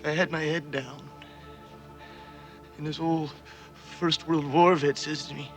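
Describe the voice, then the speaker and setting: A man's voice: on the high side, steady tone, slow, pauses often, faint music behind. An older man from Canada, a war veteran, telling a war memory in a plain, matter-of-fact way.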